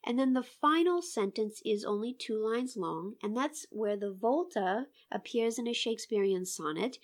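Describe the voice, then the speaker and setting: A woman poet and English professor co-hosting a podcast about poetry. Her voice has a middle pitch. She talks through her close reading in an engaged way, posing questions as she works through the poem. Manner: engaged, asks herself questions while analyzing. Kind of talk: conversational literary discussion.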